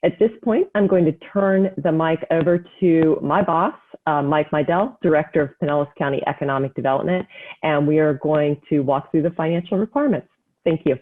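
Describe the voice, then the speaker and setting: Woman hosting a webinar over a tinny line. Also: low-pitched. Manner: clear, measured, spells things out slowly. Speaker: webinar host, county economic development staff. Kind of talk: scripted webinar presentation.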